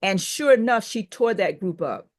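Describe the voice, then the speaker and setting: An older businesswoman tells a long story as a podcast guest. She brings it to life by acting out the people she quotes. Her voice sits at a middle pitch. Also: normal speed. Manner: animated storyteller who acts out quoted dialogue. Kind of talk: storytelling in an interview.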